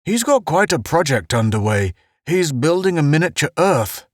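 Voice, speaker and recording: A man's voice: fairly high pitch, big pitch swings, moderate pace, no echo, clean studio sound, voice pushed up. A man reading an audiobook, voicing an earnest, insistent male visitor.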